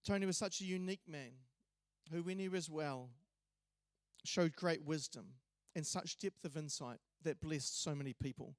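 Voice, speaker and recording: A man's voice: on the high side, moderate pace, no room sound. A man giving a memorial eulogy in a church, telling stories in a conversational way with hesitations and restarts. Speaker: eulogy speaker.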